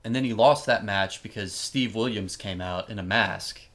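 A man co-hosting a podcast, chatting casually and telling stories with animated energy, acting out what people said. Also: lowish voice, moderate pace, a little hiss or hum. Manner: animated storytelling, acts out quoted lines. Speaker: podcast co-host. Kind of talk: casual chat.

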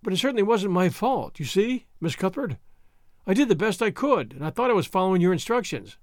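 A man's voice: sits high, sing-song, fairly quick, dry recording, clean studio sound. A man reading an audiobook, voicing an effusive, apologetic older village woman who chatters on.

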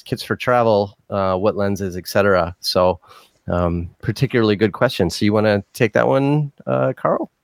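A podcast host with a fairly low-pitched male voice chats casually, sounding relaxed but hesitant and using lots of filler words. There is no echo on the recording.

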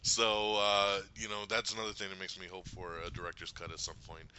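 This podcast host speaks a little fast in a low, clean voice, though the recording's highs are cut off. In casual conversation he excitedly recounts movie scenes, laughing and performing the characters' quotes.

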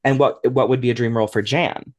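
A man hosting a podcast in a casual interview chat, expressive and reading out listener questions. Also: medium pitch, fast. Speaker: podcast host.

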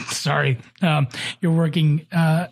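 A man hosting a casual podcast, friendly and chatty, often pausing with fillers. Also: fairly high pitch, fairly even intonation, vocal fry, a little mellow, husky, no echo. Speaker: podcast host.

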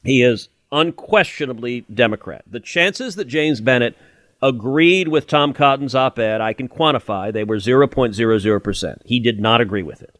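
A man's voice: medium pitch, normal speed, a bit bright, no echo. Scornful, emphatic middle-aged man. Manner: emphatic and scornful, rising to indignant mockery. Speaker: senator and podcast host. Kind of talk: opinionated political commentary.

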